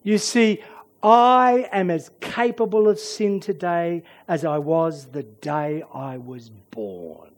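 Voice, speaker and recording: A man preaching an earnest sermon, swinging between emphatic declarations and hushed, almost whispered lines. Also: on the high side, slow.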